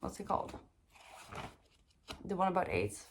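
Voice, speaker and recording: A woman's voice: lowish voice, big pitch swings, unhurried, a little hiss or hum. A young woman from the Netherlands, chatting casually through a book review with lots of fillers. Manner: chatty, rambling, lots of ums and likes.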